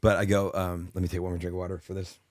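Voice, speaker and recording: A man's voice: deep voice, little pitch movement, racing, a little mellow, a little hiss or hum. A man who is a comedian, telling rambling anecdotes in a casual interview while he is losing his voice. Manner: rambling anecdotes full of fillers and restarts. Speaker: comedian guest.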